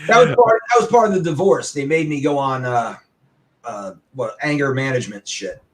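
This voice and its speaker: A man telling a story with animation and a loud, bellowing voice at times, as a guest on a talk show. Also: medium pitch, moderate pace. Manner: loud, bellowing when acting out his anger. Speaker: arcade owner and guest.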